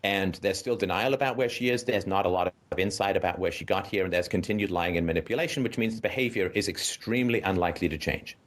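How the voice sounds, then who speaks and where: A man's voice: sits low, fast talker, hardly any pauses. A man hosting a call-in show, giving a caller blunt, profane advice in an emphatic, lecturing way and often asking "right?".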